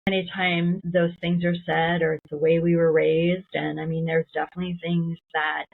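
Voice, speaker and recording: A middle-aged woman co-hosting a podcast, talking reflectively and drawing out key words slowly. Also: lowish voice, little pitch movement, gravelly. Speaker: podcast co-host. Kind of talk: casual conversation. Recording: tinny phone-like sound.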